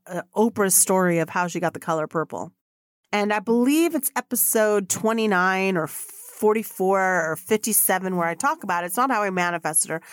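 A woman's voice: medium pitch, no echo, clean studio sound. A woman hosting a solo podcast, telling stories in a blunt, profane way and acting out the people she quotes. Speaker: podcast host.

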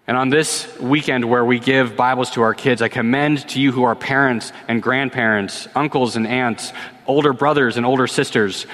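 Pastor in a reverberant church hall. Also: male voice, mid-range voice, a bit bright. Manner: conversational, repeats words when starting sentences. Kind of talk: sermon with Q&A. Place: church sanctuary.

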